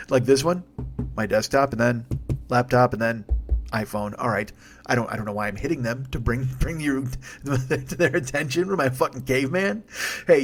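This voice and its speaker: A man talks quickly into a microphone on his comedy podcast. He rants in a loose, rambling way, heavy with profanity and sarcasm. His pitch sits in the middle range. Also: a little hiss or hum. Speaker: podcast host. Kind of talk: solo comedy podcast rant. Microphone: studio microphone.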